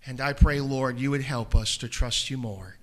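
A man pastor preaching a sermon in a church auditorium, telling a story with gentle humor and then gently pleading with listeners to raise their hands for prayer. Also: mid-range voice, normal speed.

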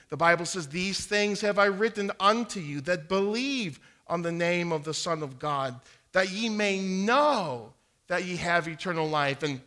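This evangelism talk features a middle-aged man with a high, sharp voice preaching earnestly about sharing the gospel. He recites King James verses and often repeats words when starting sentences.

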